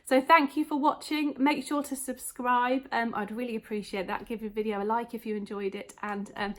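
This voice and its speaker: A woman's voice: fairly high pitch, steady tone. A woman, chatting casually to camera in a vlog, rambling with lots of fillers. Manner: rambling, talks in quick bursts, many fillers. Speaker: vlogger.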